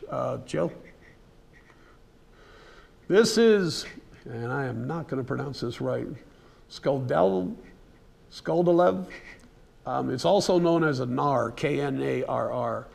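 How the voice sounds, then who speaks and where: A man with a very gravelly, rough-edged voice gives an unscripted talk at a museum. His voice is husky rather than clean, and he speaks at an ordinary middle pitch. He tells the story in a folksy, conversational way, with plenty of ums and restarts and an occasional throat-clear. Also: unhurried, a little mellow. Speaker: presenter giving a museum lecture. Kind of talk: casual unscripted lecture storytelling. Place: museum presentation room.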